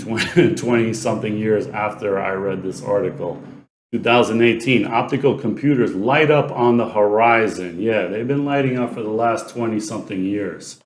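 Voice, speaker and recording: A man with a fairly low voice talks through prices and numbers in a relaxed, conversational way, often chuckling mid-sentence and posing rhetorical questions. The room around him is echoey. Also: slight background noise. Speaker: finance commentator. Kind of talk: casual explainer commentary.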